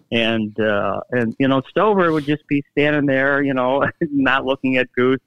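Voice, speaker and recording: An older man tells stories in a relaxed interview, jumping into animated quoted voices with plenty of halting restarts. The recording is dry and a little dull, with no room sound. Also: medium pitch, clean tone, no echo. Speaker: guest storyteller, former team executive. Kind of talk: casual storytelling interview.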